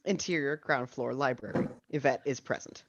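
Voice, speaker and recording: A man narrating the stage directions of a screenplay at a casual video-call table read, with steady reading and dry asides. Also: medium pitch, normal speed, lo-fi sound, background noise.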